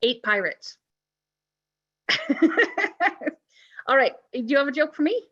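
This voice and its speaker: A woman's voice: sits high, very animated, slow pace, a bit bright. A woman hosting a church service, telling pirate jokes and giving playful announcements. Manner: playful, joking, with pirate banter. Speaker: worship service host. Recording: dull lo-fi recording.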